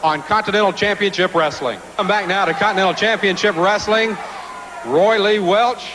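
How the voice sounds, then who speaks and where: A man with a high voice announces a wrestling TV show in a measured, matter-of-fact way. The old recording has clear hiss and noise behind him.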